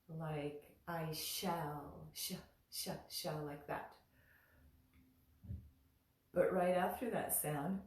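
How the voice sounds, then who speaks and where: A woman with a lowish voice leads a very slow, patient pronunciation lesson, drawing out syllables and repeating them with care. She sounds a little distant from the mic, in a roomy space with a clear echo. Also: darkish tone. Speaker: Sanskrit pronunciation teacher.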